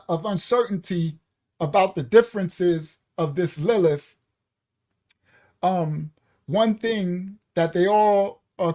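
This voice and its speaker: A man with a New York accent teaching a live-streamed bible study. He pauses and restarts often, spells words out letter by letter, and turns aside to talk to his viewers. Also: high-pitched, a little mellow. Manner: talks things through, spells words out letter by letter.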